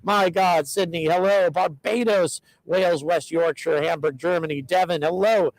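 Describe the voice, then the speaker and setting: Guy running a livestream, gravelly voice, dry close sound, lots of ums while he thanks viewers. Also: fairly high pitch, moderate pace, no echo, low-quality recording. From United States. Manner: reads out viewer locations and thanks donors; frequent ums and uhs, excited. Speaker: livestream host. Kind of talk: casual livestream chat.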